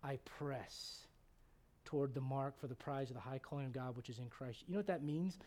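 A man preaching a sermon as pastor, swinging from hushed passages to loud, near-shouting ones and firing off rapid rhetorical questions. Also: mid-range voice.

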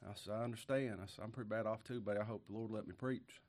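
A pastor preaching a folksy sermon while sick with a cough and short of breath, moving from quiet musing to loud emphatic lines. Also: male voice, lowish voice, fairly even intonation, fast talker.

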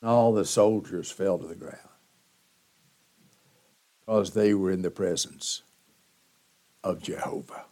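A man preaching a sermon as pastor, teaching slowly and emphatically with dramatic pauses. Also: sits low, dark tone.

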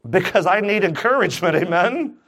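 A man's voice: high-pitched, lively intonation, fairly quick, fairly bright tone. A man preaching a sermon, asking his congregation questions and joking as he goes. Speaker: pastor. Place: church.

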